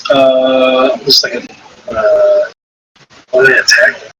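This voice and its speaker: A man's voice: medium pitch, expressive, slow pace, bright, forceful tone, poor audio. A man playing a tabletop game who asks eager, hesitant questions. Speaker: player. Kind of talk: casual tabletop play.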